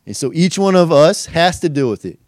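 A man's voice: on the high side, big pitch swings, fairly quick, darkish tone, dry recording, clean studio sound. A middle-aged man preaching a verse-by-verse sermon, asking rhetorical questions and acting out quoted voices. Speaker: pastor and teacher.

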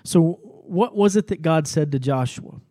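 Speaking a little slowly but expressively, a pastor with a somewhat high, mellow, dark-toned voice teaches from the Bible. He unpacks the passage with patience, in a conversational manner. The sound is close and dry, with no room sound.

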